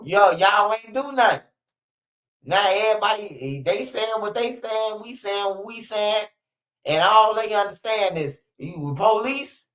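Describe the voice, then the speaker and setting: A young man with a high-sitting, fairly bright voice speaks a little slowly as he rants to his stream viewers. He leans on profane street slang and repeats himself constantly. The audio is dull and lo-fi.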